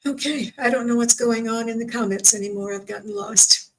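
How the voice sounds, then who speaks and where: Soft-spoken woman medium. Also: a little high, steady tone, fairly quick, rough recording. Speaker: psychic medium host. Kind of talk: live-streamed spiritual reading.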